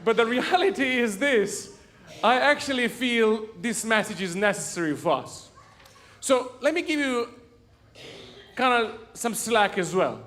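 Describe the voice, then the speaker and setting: A man's voice: very high-pitched, expressive, unhurried, a bit bright. A man speaking as a guest pastor, preaching a sermon in a conversational, slightly hesitant way. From lived in England.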